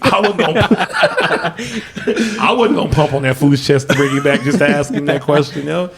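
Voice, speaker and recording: A man hosting a podcast, telling a story in a loose, profane, animated way and dropping "yo" constantly. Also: on the high side, moderate pace, creaky, over a noisy crowd. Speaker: podcast host. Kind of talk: casual storytelling chat.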